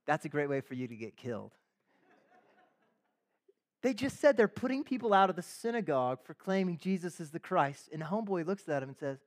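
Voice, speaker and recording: A pastor preaches conversationally and with energy, a little fast, acting out the voices of biblical figures and dropping in casual slang asides. His man's voice sits a touch higher than usual.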